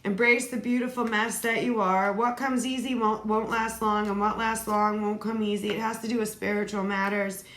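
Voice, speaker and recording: A woman's voice: mid-range voice, little pitch movement, normal speed, few pauses, a bit bright. A woman giving a solo tarot reading, reading card phrases aloud and adding casual asides. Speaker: tarot reader. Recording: echoey room, faint noise.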